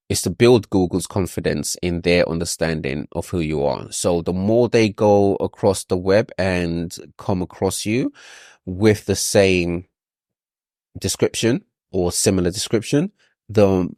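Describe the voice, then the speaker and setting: A man's voice: low-pitched, darkish tone, no echo, studio quality. A man advising a client on a video call, explaining patiently with frequent ums and restarts. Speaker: SEO consultant.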